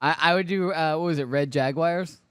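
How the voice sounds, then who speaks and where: A man's voice: fairly high pitch, a little fast, clean tone, no room sound, clean studio sound. A man hosting a casual pop-culture podcast, talking in a rambling, hesitant way. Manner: rambling, hesitant, with many fillers and restarts. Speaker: podcast host. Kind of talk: casual chat.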